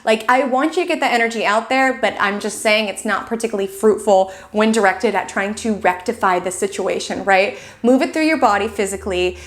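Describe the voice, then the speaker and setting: A woman hosting a weekly astrology forecast, talking in a chatty way full of "like" and "right?", acting out little quoted inner voices. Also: a little high. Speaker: astrologer host.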